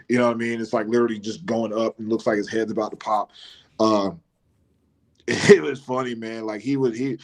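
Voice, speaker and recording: A man, a former college football player telling casual stories as a guest on a live show, often restarting and laughing. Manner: animated storyteller who mimics his coach in a high voice, laughs often, many restarts.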